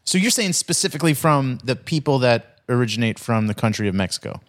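Teasing New man with lively pitch. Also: fast. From New York. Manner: laughing, teasing. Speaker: podcast co-host. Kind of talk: casual podcast banter.

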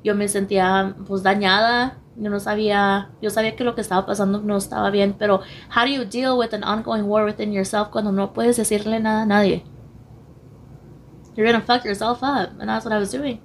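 A young woman whose voice is wearing hoarse, talking as a guest on a podcast in a hesitant, halting way, full of pauses and restarts. She slips between languages mid-sentence. Faint ambient noise sits under the recording. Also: medium pitch, fairly even intonation. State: losing her voice, hoarse. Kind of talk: candid personal interview.

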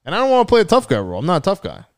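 A man's voice: high voice, huge pitch swings, very fast, no echo, clean studio sound. A young man co-hosting a casual sports chat, ranting and swearing, mocking critics in put-on voices. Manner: profane, ranting, mocks people in put-on voices. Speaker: podcast co-host.

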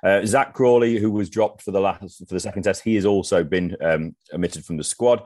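A man's voice: low voice, fairly quick, a little mellow, no room sound, clean studio sound. A man co-hosting a casual sports podcast. He is enthusiastic and chatty, and reads through lists. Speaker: podcast co-host.

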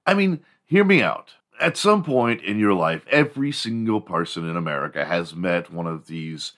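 A man's voice: low voice, very animated, moderate pace, hardly any pauses, a bit bright. A man from Houston hosting a podcast, talking in a crude, joking, rambling solo monologue. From Houston, Texas. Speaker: podcast host.

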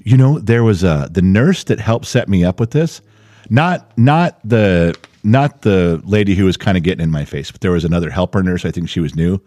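A man co-hosting a podcast in casual chat, telling a story with animated delivery and putting on the voices of the people in it. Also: low-pitched, normal speed, no echo. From Central California. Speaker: podcast co-host.

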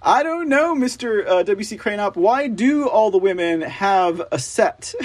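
Excitable man hosting a live commentary stream. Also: high-pitched, unhurried, no room sound. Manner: excitable, chatty, addresses viewers as guys. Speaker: host of a political commentary show. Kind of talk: live-streamed political commentary, reading articles and greeting chat.

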